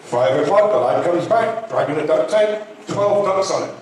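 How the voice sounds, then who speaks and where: A man's voice: a little high, normal speed, distant mic, a little hiss or hum. Older man telling jokes in an echoey hall. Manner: lively storyteller who acts out every voice. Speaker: joke teller at a community show. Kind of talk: stand-up joke telling.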